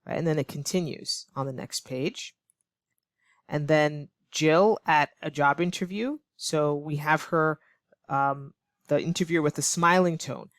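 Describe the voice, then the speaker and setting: A woman's voice: low-pitched, a little slow, no room sound, studio quality. Patient woman teaching English. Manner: clear, patient, demonstrates tones by voicing example lines. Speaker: ESL teacher. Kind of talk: online English lesson.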